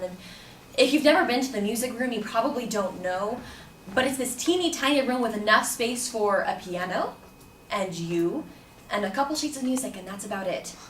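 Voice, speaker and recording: Woman telling a story in a roomy space. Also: mid-range voice. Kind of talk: personal story told to an audience. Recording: roomy, distant mic with faint background noise.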